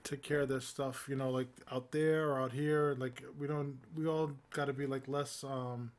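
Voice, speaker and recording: A man's voice: mid-range voice, flat delivery, normal speed. A man co-hosting a casual news podcast, talking in a rambling, informal way with many fillers. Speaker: podcast co-host.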